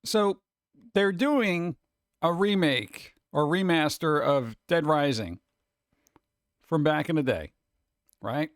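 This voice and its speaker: A man's voice: fairly high pitch, lively intonation, takes it slowly, long pauses, no room sound, clean studio sound. A man streaming live, chatting casually with his chat and ranting with rhetorical questions.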